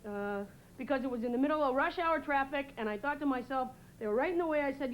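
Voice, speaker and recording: High-voiced woman doing stand-up. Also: a little hiss or hum, poor audio. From New England. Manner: rambling, halting delivery with many "uh"s. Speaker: stand-up comedian. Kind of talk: stand-up comedy set. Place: TV studio stage before a live audience. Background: audience laughter.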